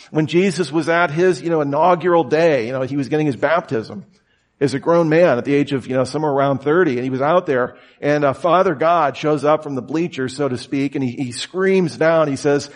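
A man preaching a conversational sermon, telling stories casually with lots of fillers and acting out quotes. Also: a little fast. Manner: casual and storytelling, many "you know" and "like" fillers; acts out quoted voices with sudden high shouts. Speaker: pastor.

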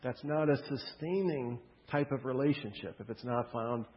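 A man's voice: mid-range voice, moderate pace. Man preaching in an echoing hall. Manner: conversational, humorous storytelling. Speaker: pastor. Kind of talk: sermon. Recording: muffled with long hall reverb.

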